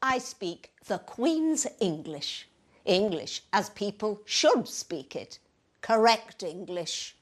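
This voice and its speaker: Snooty Miss Higgins, prim and proper. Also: female voice, mid-range voice, lively intonation. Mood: haughty. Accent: Received Pronunciation. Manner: haughty, precise, slow deliberate delivery. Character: snobbish prim English lady, proud of her speech. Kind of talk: scripted language-course drama.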